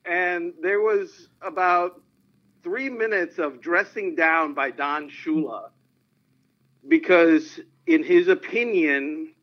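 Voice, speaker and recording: Male guest, slightly high voice, animated anecdotes, muffled lo-fi audio. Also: takes it slowly. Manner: animated anecdotal storytelling, frequent laughs. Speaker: sportswriter guest. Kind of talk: phone-in interview storytelling. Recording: dull lo-fi line.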